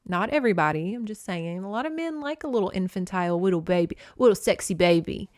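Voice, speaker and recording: A woman's voice: mid-range voice, expressive, fast, dry recording, clean studio sound. A young adult woman hosting a podcast, recapping a book in a candid, opinionated way and swearing freely. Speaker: podcast host.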